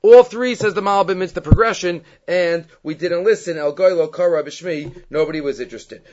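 A man's voice: fairly high pitch, a little fast. A man teaching a verse-by-verse scripture lesson. He works Hebrew terms into his English explanation and acts out the lines he quotes. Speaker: Torah teacher. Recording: dull lo-fi recording.

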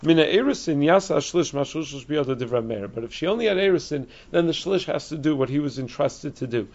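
Brief: male Talmud teacher, slightly high, gravelly voice, dull lo-fi recording, quick explanatory delivery with restarts. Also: expressive, darkish tone. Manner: fast, explanatory, with many restarts and Hebrew-Aramaic terms. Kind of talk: Talmud class lecture.

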